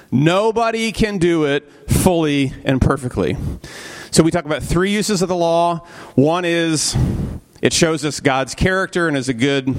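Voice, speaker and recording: A man teaching a church Bible study class in a conversational way, asking the group questions, often adding "right?", and briefly acting out the characters he quotes. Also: on the high side. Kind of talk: interactive church class lecture.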